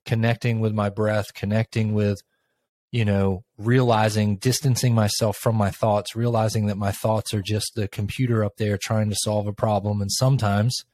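A middle-aged man co-hosting a podcast, telling a personal story in a thoughtful, unhurried way with pauses. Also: on the low side, little pitch movement, a little mellow, dry recording. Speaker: podcast co-host. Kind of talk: reflective casual conversation.

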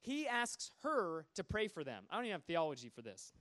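High-voiced preacher telling stories. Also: male voice, fairly quick. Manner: animated, swinging between hushed asides and loud bursts. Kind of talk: sermon storytelling.

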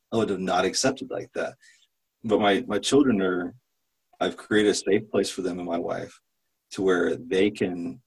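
Gravelly, husky-voiced father sharing. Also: low voice, darkish tone, poor audio. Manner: candid, with many restarts and laughs. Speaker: program participant and father. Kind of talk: personal sharing in a group talk.

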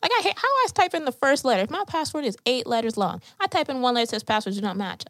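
Animated fast-talking young woman co-host. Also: sits high, no echo. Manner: animated storytelling, quick and expressive. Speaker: podcast co-host. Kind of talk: casual chat.

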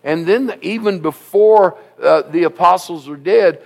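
A man preaching a sermon as pastor, emphatic and repetitive, rising at times to shouts. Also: high-pitched, a little slow, gravelly.

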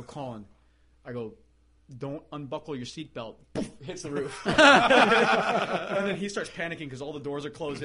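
Man, podcast guest, spinning an animated anecdote; mid pitch, acts out quotes. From United States. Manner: animated storyteller, acts out quotes, laughs often. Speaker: podcast guest, race car builder. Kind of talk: casual storytelling.

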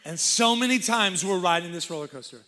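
A man with a Texan accent preaches with a high, bright voice. He is lively and laughs often, slipping into character voices as he tells a comic story from the pulpit. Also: brisk. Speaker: guest pastor.

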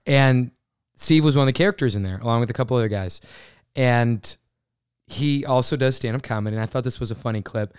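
A young man hosting a podcast, talking quickly and easily as he sets up the next clip. His voice is smooth and clean. The sound is dry and close. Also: mid-range voice, no room sound. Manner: quick, easygoing, introduces clips. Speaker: podcast host. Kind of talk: casual podcast chat.

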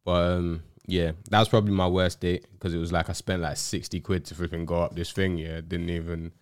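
A young man talks in an easy, slangy way as a podcast host. His voice sits low and comes through clean and smooth. The sound is dry and close, with little room around it. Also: level tone, brisk, dry recording. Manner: London slang, laid-back storytelling. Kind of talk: casual chat.

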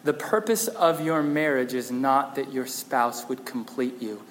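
Animated preacher man in a reverberant hall. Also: mid-range voice, unhurried, a little hiss or hum. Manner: animated storytelling, acts out scenes. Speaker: pastor. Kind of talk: sermon.

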